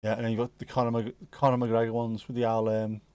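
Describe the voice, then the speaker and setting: A man's voice: mid-range voice, level tone, fast talker, darkish tone, smooth, no room sound. A man hosting a casual livestream from home, chatting and musing aloud as he answers viewers. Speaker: livestream host.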